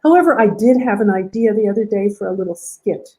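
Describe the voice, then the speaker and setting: A woman's voice: mid-range voice, expressive, fast, mellow, low-quality recording. A woman artist speaking as a guest on a video call, thoughtful and wry. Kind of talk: casual video call interview.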